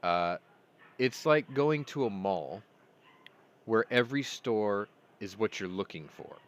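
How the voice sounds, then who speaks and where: A man's voice: on the low side, animated, slow, muffled recording. A man hosting a casual stream, rambling through stories and laughing at his own jokes. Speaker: host. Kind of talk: casual live-stream chat.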